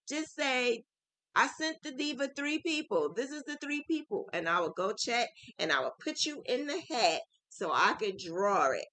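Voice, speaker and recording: A woman chatting to her viewers about crochet, chatty and excitable, often saying "like" and "oh my God". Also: a little high, no echo, low-quality recording. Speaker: crochet vlogger. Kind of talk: casual chat to viewers.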